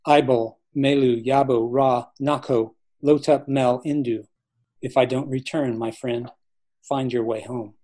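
A man's voice: mid-range voice, fairly even intonation, a little slow, close to an everyday voice. Man reading as a solemn cavewoman warrior. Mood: quiet, grave. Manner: quiet, hushed and solemn.

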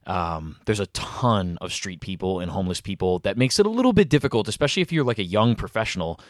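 A man's voice: on the low side, animated, fast, no echo, studio quality. A man from the East Coast of the United States, a podcast guest talking in a reflective, thoughtful way in casual chat.

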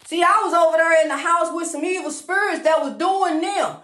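A woman's voice: extremely high pitch, fairly quick, fairly bright tone, roomy sound. A woman giving a preachy, sing-song motivational monologue, calling the listener honey and repeating rhyming phrases.

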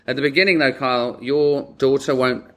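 A man co-hosting a podcast in casual chat, animated and emotional, swearing freely. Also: medium pitch, fairly quick, a little hiss or hum. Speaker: podcast co-host.

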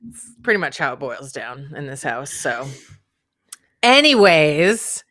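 A woman co-hosting a podcast in casual chat, with a teasing, expressive sense of humor. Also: low voice, a little slow. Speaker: podcast co-host.

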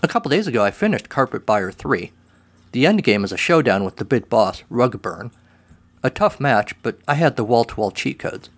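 A man's voice: mid-range voice, lively intonation, moderate pace. A man reading a first-person short story aloud in a dry, wry way.

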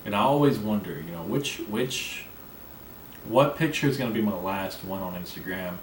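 A man's voice: on the low side, lively intonation, normal speed. A man hosting his own podcast alone, talking in a rambling, profane, brash way. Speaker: podcast host. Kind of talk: casual solo podcast monologue. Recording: echoey room, mic at a distance, faint background noise.

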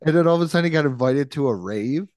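A man's voice: a little high, expressive, racing, darkish tone, no room sound, studio quality. A man from New York co-hosting a podcast, rambling through stories, acting out quotes and laughing often. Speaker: podcast co-host. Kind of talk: casual chat.

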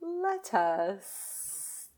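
A woman co-hosting a podcast in casual chat, chatty and quick to laugh. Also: medium pitch, very animated, a little mellow. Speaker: podcast co-host.

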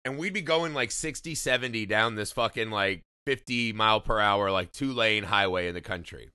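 A man's voice: fairly low pitch, moderate pace, clean tone, no room sound, studio quality. A man from Indiana in casual podcast chat, telling stories animatedly with lots of swearing and laughter. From Indiana, USA. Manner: profane, animated storytelling with frequent laughs. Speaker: podcast co-host.

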